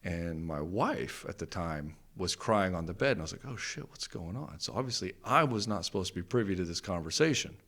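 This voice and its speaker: A middle-aged man, a podcast guest, candidly telling a personal story in a blunt, profane way that gets animated when he relives his anger. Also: low-pitched, a little fast, few pauses.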